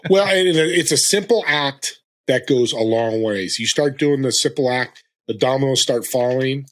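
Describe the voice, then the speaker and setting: A man's voice: mid-range voice, moderate pace. A man in his sixties, a guest on a podcast, speaking in an earnest, motivational way and urging listeners to act. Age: 60s. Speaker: guest, fellow show host. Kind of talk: casual interview chat.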